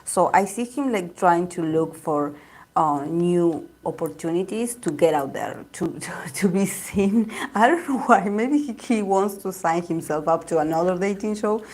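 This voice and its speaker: A woman's voice: lowish voice, expressive, normal speed, darkish tone. A woman giving a casual tarot reading, rambling and repeating herself with lots of fillers. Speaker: tarot reader.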